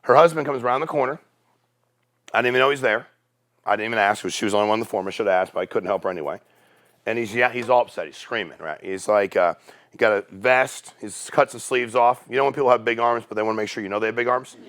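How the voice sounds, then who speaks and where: A middle-aged company CEO, speaking fast in a lowish voice, tells stories to a business audience at a sales meeting. He is casual and animated, acting out the people in them with quoted voices.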